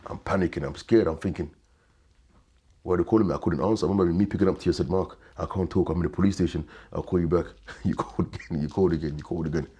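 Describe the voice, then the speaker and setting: A man, telling a painful personal story as an interview guest, halting and repeating words, often quiet and subdued. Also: deep voice, fairly even intonation, breathy edge.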